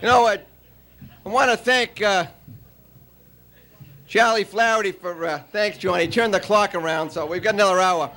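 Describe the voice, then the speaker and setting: A man giving a farewell after-dinner speech, telling a long joke with frequent pauses and fillers. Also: high-pitched, pushed and bright. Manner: storytelling, halting with many uh fillers.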